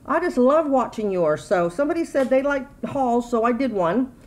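A woman's voice: a little high, animated, normal speed, darkish tone, rough recording. A middle-aged woman, chatting casually and rambling through a grocery haul at home. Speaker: YouTube vlogger.

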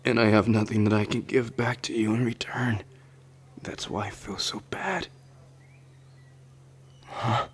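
A man voicing a shy, anxious young man in a whispered role-play, speaking softly and hesitantly. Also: lowish voice, flat delivery, unhurried, long pauses, husky. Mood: tender, insecure. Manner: soft, hesitant, flustered stammering. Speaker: ASMR roleplayer.

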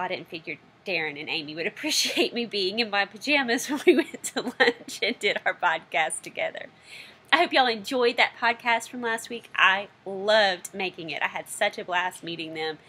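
A woman's voice: mid-range voice, pushed and bright, slightly rough. A woman hosting her knitting video podcast from home, chatty and self-deprecating. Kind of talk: casual video podcast chat.

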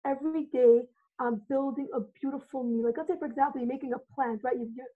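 High-voiced woman on a tinny line. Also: fast talker. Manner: excited, animated, acts out quoted dialogue. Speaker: self-love coach, guest. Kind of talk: enthusiastic motivational storytelling. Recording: phone-like narrow audio.

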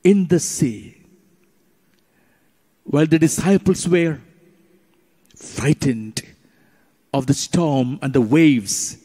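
A middle-aged man, a priest, preaching slowly and emphatically during Eucharistic adoration, with long pauses between phrases. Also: medium pitch, dark tone. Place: church or retreat chapel. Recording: long hall reverb.

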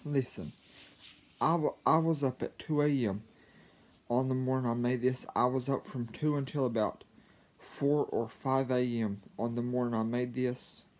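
A man telling a personal story to his viewers, halting, with frequent stammers and restarts. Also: medium pitch, fairly even intonation, darkish tone. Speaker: vlogger. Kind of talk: casual storytelling to camera.

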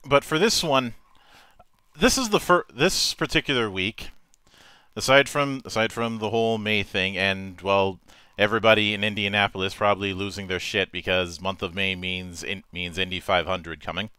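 Guy hosting a gaming show, swears a lot, rambles and restarts, bright clear voice, super dry sound. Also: on the low side, normal speed, dry recording. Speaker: podcast host. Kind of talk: casual chat.

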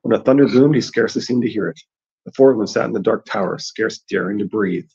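A man's voice: on the low side, fast, gravelly, a little mellow, breathy edge. A man reading a novel aloud expressively, with his own commentary in between. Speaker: audiobook reader and theory commentator. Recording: dull lo-fi recording.

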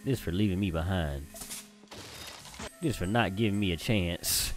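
A young man giving casual let's-play commentary, bantering loudly with slang and swearing as he plays. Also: low-pitched, measured pace. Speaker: gamer commentator. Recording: game music behind.

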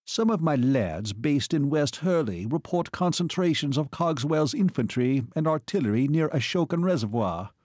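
A sulky young officer who is a commander's son, voiced by a man reading an audiobook. He speaks in a petulant way, a little higher than the narrator's own voice. The recording is dry and close. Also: expressive, moderate pace, few pauses, darkish tone, no echo.

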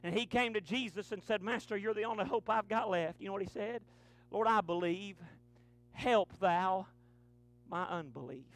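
A man, preaching a fervent sermon to his church, punctuating lines with breathy "uh"s. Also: high voice, moderate pace. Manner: fervent preaching with rising, shouted runs and many "uh" breaths. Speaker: pastor. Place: church sanctuary.

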